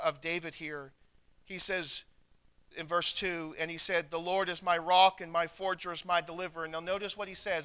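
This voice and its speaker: A man preaching a sermon in a high, bright voice with a smooth, clear tone. He speaks slowly and deliberately, quoting scripture and repeating lines for weight. His voice swells on key words and fades softly at the ends of phrases. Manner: preaching with rising emphasis and soft, drawn-out endings. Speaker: pastor.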